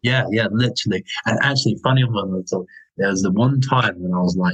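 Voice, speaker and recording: A man's voice: on the low side, fast talker, a bit bright, breathy edge, dull audio. A man with a light New Zealand accent telling rambling stories on a podcast, full of fillers and restarts. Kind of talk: casual storytelling.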